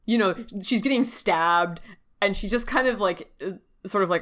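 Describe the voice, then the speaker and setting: A woman's voice: medium pitch, big pitch swings, unhurried, a bit bright. A woman co-hosting a podcast, chatting casually, laughing often and swearing freely. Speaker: podcast co-host. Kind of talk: casual chat.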